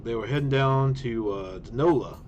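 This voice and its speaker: A man voicing a polite middle-aged male diner manager with a Georgia drawl, answering slowly with fillers. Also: medium pitch, a little mellow, slight background noise, lightly acted. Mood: obliging. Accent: Southern US, Georgia.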